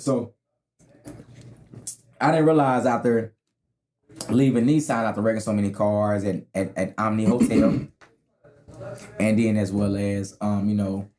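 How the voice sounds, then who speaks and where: A comedian, telling stories from his life in a casual, animated way and swearing freely. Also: on the low side, a little slow, pauses often. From Tennessee. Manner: animated, acts out other people's voices, swears freely. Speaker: guest comedian. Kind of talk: casual storytelling.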